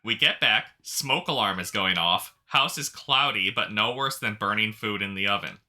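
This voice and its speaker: On a podcast, this male co-host reads online stories aloud and swaps dry jokes in relaxed conversation. His voice sits on the low side, sounding pushed and bright at a normal speed.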